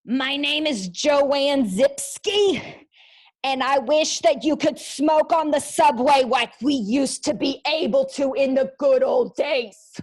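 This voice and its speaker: A woman voicing a brash older woman who misses the days of smoking, talking loudly and drawing her words out. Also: high-pitched, slow pace, pitched above the performer's own voice. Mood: nostalgic. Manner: loud and drawn out. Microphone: video call.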